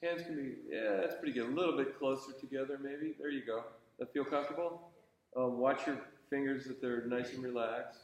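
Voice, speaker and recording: A man's voice: medium pitch, brisk. A man teaching conducting to a student, patient and encouraging, thinking aloud with fillers and restarts. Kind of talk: coaching a student in a class. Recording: very echoey room.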